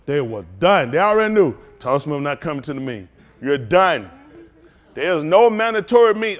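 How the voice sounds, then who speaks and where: A man preaching as a pastor in a fiery talk, swinging from low mutters to loud outbursts. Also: big pitch swings, normal speed.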